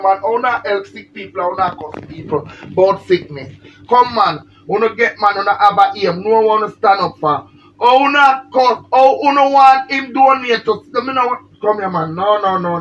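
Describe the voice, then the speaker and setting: A woman's voice: mid-range voice, a bit bright, slight background noise. A woman with a Jamaican accent, feeling unwell, ranting and pleading on a livestream. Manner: emphatic, pleading, repetitive. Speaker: social media personality.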